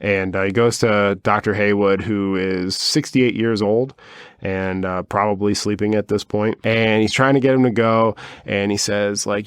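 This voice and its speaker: A man's voice: fairly low pitch, fairly even intonation, unhurried, smooth, no echo, clean studio sound. A man co-hosting a podcast, telling a story in a rambling, wry way with lots of fillers and asides. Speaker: podcast co-host. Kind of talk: casual storytelling chat.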